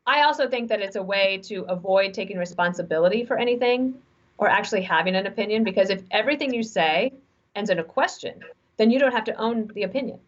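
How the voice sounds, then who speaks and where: A woman in her forties, speaking as an interview guest who gives frank, animated advice through stories. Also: mid-range voice, fast. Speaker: guest author. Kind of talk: conversational interview. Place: remote video call. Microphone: video call mic. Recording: dull lo-fi video call audio.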